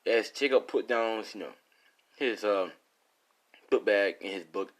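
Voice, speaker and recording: A man's voice: fairly low pitch, measured pace. A man casually improvising a fan story, rambling and correcting himself as he goes.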